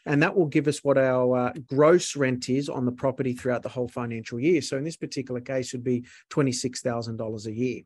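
A man's voice: mid-range voice, steady tone, fast talker, few pauses. A man, a guest accountant who explains figures step by step with worked examples. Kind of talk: explanatory interview talk.

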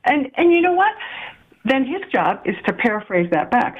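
A woman's voice: a little high, very animated, moderate pace, slightly rough. A middle-aged woman explaining a communication method in a podcast chat, laughing now and then as she gives examples. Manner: warm, explanatory, laughs while giving examples. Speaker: guest relationship coach. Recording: tinny phone line.

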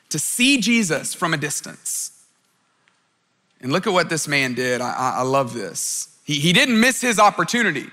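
A man's voice: fairly high pitch, bright, forceful tone, long reverb tail. A man preaching a sermon in an earnest tone, who often stammers and repeats words as he restarts a phrase. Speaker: pastor.

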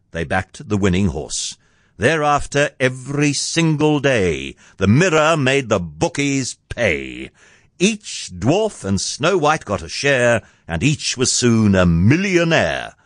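Man narrating comic storybook verse, sardonic, very lively pitch, dry close sound. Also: dry recording. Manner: playful, sardonic.

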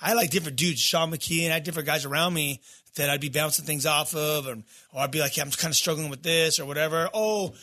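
Bright, higher-voiced male podcast host. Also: fairly even intonation, quick pace. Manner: encouraging, preachy asides. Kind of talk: casual interview.

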